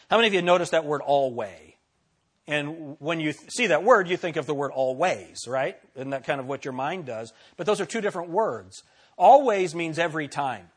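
A man delivers a sermon from the pulpit in a somewhat high voice. He repeats key phrases for emphasis and puts questions to his listeners, swinging from forceful declarations down to near-hushed asides. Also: husky. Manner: preaching with dramatic swings between loud and soft. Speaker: pastor.

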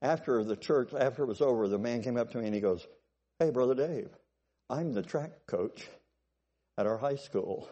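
A man preaching a sermon, telling stories and checking in with his congregation, swinging from loud bursts to low asides. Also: lively intonation, normal speed, highs cut off. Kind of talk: sermon with storytelling.

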